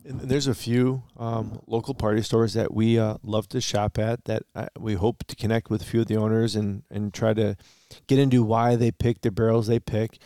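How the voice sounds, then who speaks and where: A man from Michigan co-hosting a casual podcast chat, talking in a measured, deliberate way. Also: fairly low pitch, level tone, dark tone, clean tone, dry recording, clean studio sound. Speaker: podcast co-host.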